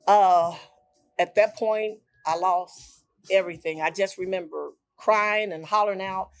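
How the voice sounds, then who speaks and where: An older woman on a talk show tells a personal story with deep emotion, acting out what others said and repeating phrases. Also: fairly even intonation, a little slow.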